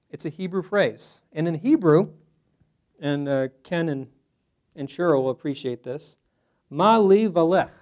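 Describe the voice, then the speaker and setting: A man's voice: on the high side, darkish tone. A man teaching a Bible study class to a small group in a room, talking conversationally and asking the group questions.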